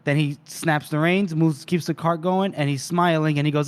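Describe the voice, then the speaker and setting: A man's voice: on the high side, steady tone, moderate pace, clear, resonant tone. A man co-hosting a podcast, animatedly recapping a novel and laughing often. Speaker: podcast co-host. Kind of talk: casual book recap.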